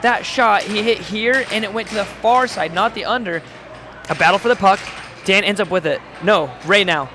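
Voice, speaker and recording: A man doing live-stream sports commentary, calling plays in quick bursts and reading chat aloud with jokes. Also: sits high, noisy background. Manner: rapid play-calling, reads chat aloud, jokey. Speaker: play-by-play commentator. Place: home studio.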